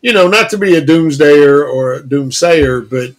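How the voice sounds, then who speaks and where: A man co-hosting a casual podcast, reacting with animated exclamations. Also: a little high, normal speed. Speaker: podcast co-host. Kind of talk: casual chat.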